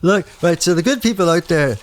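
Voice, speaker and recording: A man hosting a podcast, chatting in jokey, excitable banter. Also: high voice, fairly quick. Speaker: podcast host. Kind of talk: casual chat.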